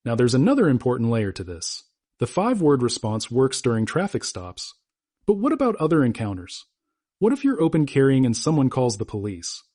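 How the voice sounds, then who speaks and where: A man's voice: medium pitch, huge pitch swings, brisk, a little mellow, dry recording, studio quality. A man giving a scripted explainer narration in a firm, instructive way, with short punchy sentences.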